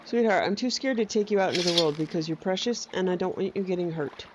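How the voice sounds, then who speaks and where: Over a noisy background, a gameplay streamer with a lowish voice talks fast, cooing at her companion in baby talk. Her casual commentary is jokey and teasing, full of digs at herself.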